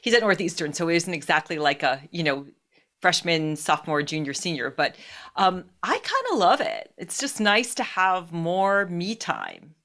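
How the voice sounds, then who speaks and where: A woman in her fifties hosts an interview podcast, asking questions in an encouraging, reflective way. Her voice is very low for a woman. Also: expressive, normal speed, fairly bright tone. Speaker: podcast host.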